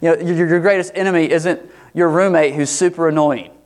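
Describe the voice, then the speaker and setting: A man preaching an expository sermon, acting out the quoted voices with rising pitch. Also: steady tone, a little fast. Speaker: pastor.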